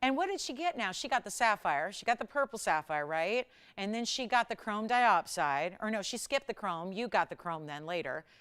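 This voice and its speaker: Animated woman hosting live jewelry sales. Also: medium pitch, smooth. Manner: animated, chatty, sells with rapid price talk. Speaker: shopping channel jewelry host. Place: television studio.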